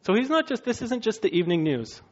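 A man's voice: sits high, sing-song, quick pace, lo-fi sound. A man preaching a sermon in a casual, conversational way, now and then acting out quotes in funny voices. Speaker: pastor.

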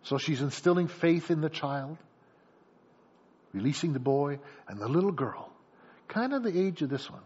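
A man's voice: a little high, normal speed, long pauses, breathy edge. A man preaching a sermon, acting out a story scene by scene and calling on the congregation. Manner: animated, acts out scenes, addresses congregation. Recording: dull lo-fi sound.

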